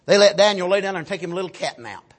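Fervent preacher, high husky voice. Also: male voice, animated, fast. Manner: fervent, rising to shouts, frequent amens. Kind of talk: sermon.

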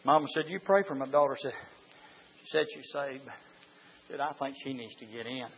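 A man preaching a fiery sermon, moving from quiet storytelling to high shouted exhortation. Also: moderate pace, slight background noise. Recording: dull lo-fi church recording.

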